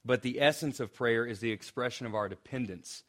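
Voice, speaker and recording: A man's voice: medium pitch, a little fast. A young man preaching a sermon as pastor, speaking conversationally with restarts and joking asides.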